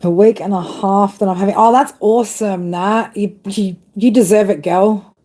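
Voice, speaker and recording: A woman's voice: medium pitch, steady tone, normal speed, dark tone. A woman doing a live-stream tarot reading, ranting bluntly with heavy swearing and chatting to viewers. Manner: blunt, heavily profane ranting. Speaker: tarot reader.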